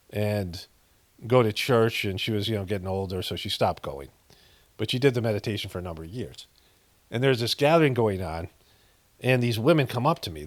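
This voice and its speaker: A middle-aged man, a meditation practitioner, casually recounts something that happened to him, restarting often, leaning on fillers, and swearing now and then. His voice is on the low side in a dry recording.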